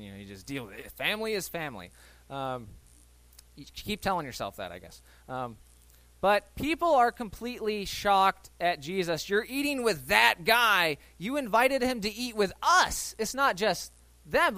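Male pastor, high and very animated delivery, dry close sound, conversational sermon. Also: clear, resonant tone, dry recording. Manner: animated, acts out voices in Bible stories; conversational, asks the listeners questions.

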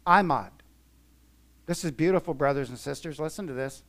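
A man preaching a sermon in a church, emphatic, swinging from soft to loud. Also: on the high side, normal speed. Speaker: pastor.

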